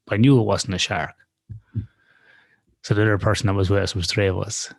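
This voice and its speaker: Brief: man, low voice, loose profane storytelling for a podcast. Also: flat delivery, a little fast, gravelly. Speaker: podcast co-host. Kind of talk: casual storytelling chat.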